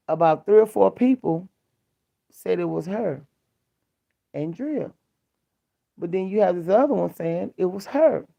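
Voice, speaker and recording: Gravelly middle-aged woman, blunt storyteller. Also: mid-range voice, mellow. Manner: candid, blunt storytelling in colloquial speech. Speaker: vlogger. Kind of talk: casual chat. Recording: dull lo-fi sound.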